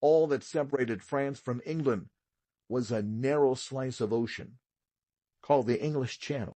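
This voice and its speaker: Husky man reading an audiobook aloud. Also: mid-range voice, normal speed, no echo. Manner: steady, expressive read-aloud storytelling. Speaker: audiobook narrator. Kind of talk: scripted narration.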